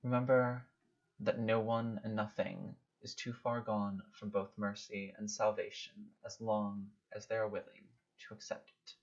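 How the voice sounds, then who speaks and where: A man voicing a mysterious goddess who speaks in slow, solemn, preaching tones. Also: fairly low pitch, level tone. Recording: dull lo-fi audio.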